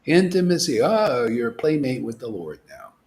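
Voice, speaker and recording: A man giving an informal devotional sermon, asking rhetorical questions, dropping to whispers and rising to loud exclamations, laughing now and then. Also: mid-range voice, moderate pace. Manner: animated, preachy, swings from hushed whispers to loud exclamations; asks rhetorical questions, laughs at his own jokes. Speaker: spiritual teacher.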